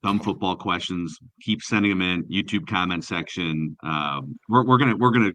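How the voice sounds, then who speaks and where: Deep, bright-voiced podcast host. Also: male voice, moderate pace, no room sound. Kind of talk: casual podcast chat, show wrap-up.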